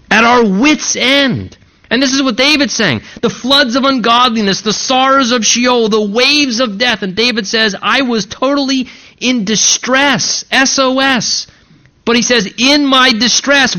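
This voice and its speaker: A man preaching with emphasis, his voice pitched high and tense. He slows down to read scripture aloud. The recording sounds dull and lo-fi. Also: sharp tone. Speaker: pastor. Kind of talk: sermon.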